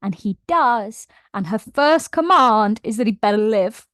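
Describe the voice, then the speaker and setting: A woman's voice: fairly high pitch, a little slow, dry recording. A woman book vlogger giving a casual, emotional and gushing plot recap. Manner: emotional, gushing and animated retelling.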